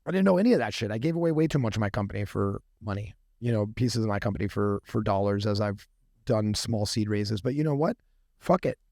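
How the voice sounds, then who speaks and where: A man's voice: fairly low pitch, lively intonation, fast talker, creaky, darkish tone, no room sound, clean studio sound. A man talking as a podcast guest and company founder, telling stories casually and animatedly, swearing freely and acting out the people in them. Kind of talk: casual storytelling. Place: podcast studio room.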